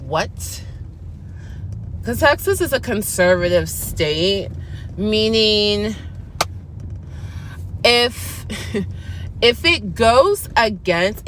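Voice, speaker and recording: A woman vlogger speaks casually and candidly, acting out bits of dialogue as she goes. Her voice sits at a middle pitch. A faint background noise runs under the recording. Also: a bit bright. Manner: chatty and candid, acts out her side of dialogues. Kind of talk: casual chat review.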